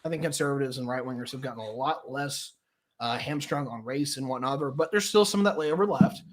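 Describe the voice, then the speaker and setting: A man's voice: medium pitch, brisk. A man giving blunt, opinionated political commentary in a crude, outspoken way. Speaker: political commentator in a played clip.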